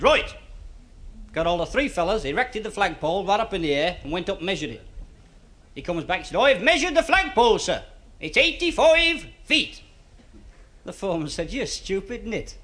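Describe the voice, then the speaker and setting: Male stand-up comic, high and lively, bright tone, quick gag delivery. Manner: lively joke delivery with quoted voices. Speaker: stand-up comedian. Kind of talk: stand-up joke telling.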